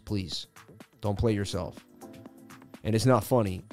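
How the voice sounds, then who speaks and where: Speaking a little slowly, a man with a lowish, slightly mellow voice hosts a crypto chart analysis livestream while faint music plays behind. His market commentary stays casual and slangy as he chats and jokes with his viewers.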